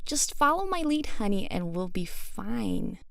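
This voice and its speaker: A woman's voice: fairly high pitch, big pitch swings, moderate pace, creaky, a little mellow, no room sound, clean studio sound. A woman with a British accent voicing a bubbly, teasing young woman friend in a read-aloud story. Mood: playful. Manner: giggly, teasing, upbeat. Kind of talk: scripted audiobook narration.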